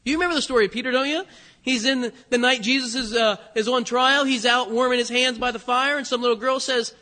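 A man preaching a sermon to a congregation in an animated, conversational way. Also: very high-pitched, quick pace. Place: church sanctuary. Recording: hall reverb.

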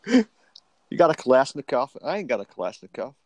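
A man's voice: mid-range voice, sing-song, moderate pace, a little hiss or hum, voice pushed up, lightly acted. A man putting on a clumsy mock American accent to play a boastful gun-toting tough guy. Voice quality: clumsy put-on drawl.

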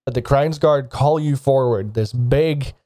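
A man's voice: medium pitch, measured pace, warm tone, no room sound, studio quality. A man narrating as game master of a tabletop game, describing scenes to the players in second person.

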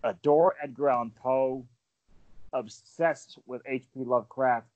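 A man in his forties hosting a casual panel chat, telling stories in an animated way with lots of fillers. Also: medium pitch, unhurried, no echo, highs cut off. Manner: animated, storytelling, frequent fillers. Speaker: podcast panel host.

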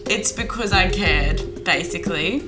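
Tipsy woman, giggly, slow-talking. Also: on the low side, loud music behind the voice. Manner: giggly, swears freely, rambling. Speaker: podcast host. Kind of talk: casual tipsy podcast chat.

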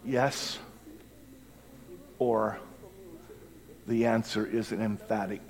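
A man preaching an altar call sermon, fervent, swinging between loud cries and hushed pleading. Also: fairly high pitch, moderate pace, crowd noise.

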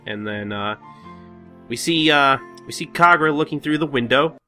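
Bright-voiced man rambling through a recap. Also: fairly high pitch, animated, normal speed, soft background music. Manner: rambling, filler-heavy, laughing. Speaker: podcast host. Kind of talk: casual manga recap chat.

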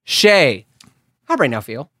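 A man's voice: mid-range voice, big pitch swings, slow, a bit bright, dry recording, studio quality. A young adult man co-hosting a podcast, joking around and a little tipsy from champagne. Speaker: podcast co-host. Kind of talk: casual comedic chat.

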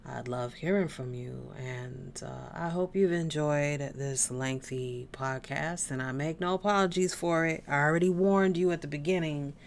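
Low-pitched woman doing a solo podcast. Blunt, casual and rambling, with a faint hiss in the background. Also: normal speed, vocal fry, few pauses. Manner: blunt, swears freely, talks in tangents. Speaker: podcast host.

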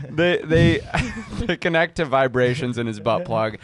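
A man's voice: on the high side, big pitch swings, slow, a crowd in the background. A man co-hosting a podcast in casual chat, joking and laughing often. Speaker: podcast co-host.

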